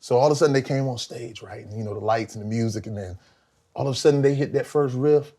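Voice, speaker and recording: An older man from South Carolina, a guest musician telling lively stories in an interview, acting out voices and laughing often. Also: mid-range voice, fast. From Columbia, South Carolina. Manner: animated storyteller, acts out voices, laughs often. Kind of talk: storytelling interview.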